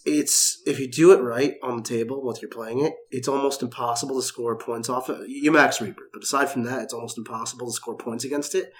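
Confident man, mid-pitched voice. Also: steady tone, fairly quick, few pauses. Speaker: instructor and podcast co-host. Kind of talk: casual chat.

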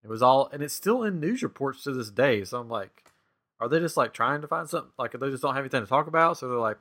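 A man's voice: mid-range voice, animated, fast, a bit bright. A man hosting a casual podcast, telling a story with some rambling. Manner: rambling storyteller, laughs often. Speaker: podcast host. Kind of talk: casual chat.

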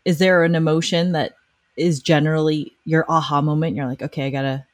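Lower woman's voice, casual podcast host, animated, acts out quotes, dry recording. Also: brisk, dry recording.

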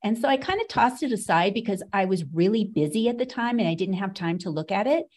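A middle-aged American woman shares a personal story as a podcast guest. Her voice sits at an ordinary pitch. She tells it with a dry, sarcastic wit. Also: expressive, fast talker, a little mellow. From United States. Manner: sarcastic, wry.

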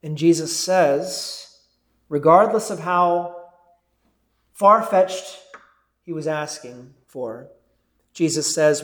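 A man preaching a sermon as pastor, earnest and deliberate, rising to fervent cries. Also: on the high side, reverberant.

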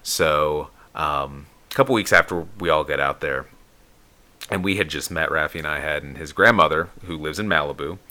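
A man casually telling a long personal story on a podcast, acting out the people he quotes. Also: moderate pace. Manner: animated storyteller, acts out quotes in a high voice.

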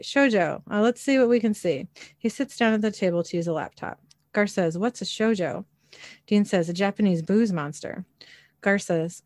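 A woman narrates an episode scene by scene, reading the characters' lines in her plain voice and dropping the odd filler as she goes. Her pitch sits in the middle, and the recording is dry and close with no room sound. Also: dry recording. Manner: reads quoted dialogue plainly, with small fillers.

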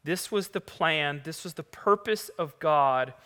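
A man's voice: fairly high pitch, measured pace, bright, forceful tone, long reverb tail. A man pastor preaching a sermon, reading scripture aloud and explaining it, building to emphatic lists.

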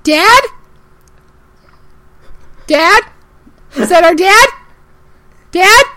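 Casting: squeaky whiny little British boy, very high and loud. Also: expressive, very slow, full character voice. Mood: pleading. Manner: high squeaky childish pleading.

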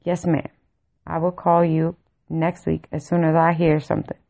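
A woman quoting her flustered, apologetic female lawyer, who speaks in a hurried, placating way. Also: sits low, monotone, gravelly, mellow.

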